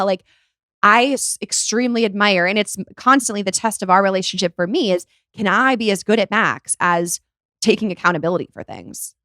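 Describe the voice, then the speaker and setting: A young woman hosting a chatty podcast, talking with an animated, expressive manner and slipping into quoted voices. Her voice sits at a middle pitch for a woman, recorded close and dry with no room sound. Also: a little fast, dry recording. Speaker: podcast host. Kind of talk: casual chat.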